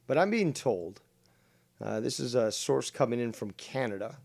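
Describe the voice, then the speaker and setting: A man's voice: mid-range voice, animated, normal speed, gravelly, darkish tone, no room sound. A man hosting a casual live-stream talk show, brash, sarcastic and teasing. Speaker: host.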